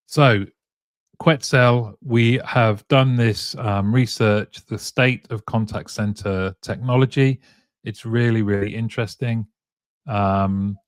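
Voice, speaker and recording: A man's voice: lowish voice, no room sound, clean studio sound. A man hosting a casual live-streamed talk show, chatting, reading out viewer comments and often chuckling. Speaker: show host.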